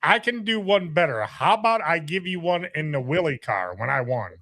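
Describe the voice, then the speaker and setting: A man's voice: a little high, animated, normal speed, fairly bright tone. A man who races, teasing the host with joking jabs from off-mic. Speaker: guest and fellow racer. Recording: echoey room, off-mic.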